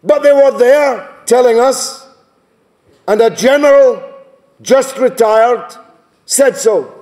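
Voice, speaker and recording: A man giving an impassioned political speech at a conference, rising to shouted rhetorical questions. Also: very high-pitched, slow, long pauses. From Scotland. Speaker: political speaker. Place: large conference hall. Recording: long hall reverb.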